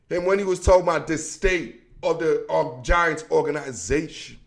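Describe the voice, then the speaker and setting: A man giving a casual, emphatic sports rant, full of slang and repetition. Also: fairly high pitch. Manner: emphatic, repetitive, slangy, calls listener bro. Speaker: sports commentator.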